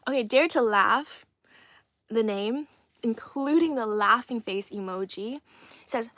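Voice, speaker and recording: A woman's voice: on the high side, animated, takes it slowly, pauses often, fairly bright tone, no echo. A young woman chatting casually on a livestream, reading viewers' comments aloud with frequent giggles. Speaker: streamer reading live chat.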